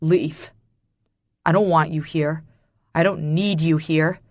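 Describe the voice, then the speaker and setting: A cruel, icy young billionaire spits out his lines in a hissing, contemptuous tone, as a woman puts him on. The voice sits low and moves slowly. It is recorded close and dry, with no room sound. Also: fairly even intonation, dry recording. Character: cold, cruel, heartless young male billionaire.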